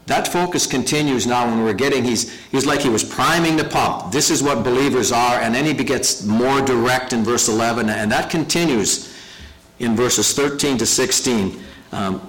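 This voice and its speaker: A pastor preaching a sermon, earnest and emphatic, slowing down to stress key phrases. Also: male voice, mid-range voice, a bit bright, poor audio.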